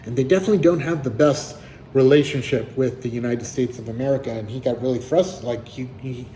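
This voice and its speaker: A man's voice: mid-range voice, quick pace, warm tone, slight background noise, low-quality recording. A man casually telling a story about someone he met, in a conversational, slightly wry way.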